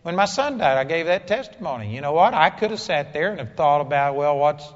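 Preaching a sermon, a man speaks bluntly and emphatically, working up to loud exclamations. His voice is a little high, very animated and brisk, and the recording comes from a dull, echoey hall.

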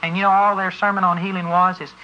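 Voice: medium pitch, flat delivery, fast, a little hiss or hum. A preacher giving an emphatic sermon to a congregation that answers back, driving points home and spelling words out for stress. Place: church service before a congregation. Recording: dull lo-fi recording.

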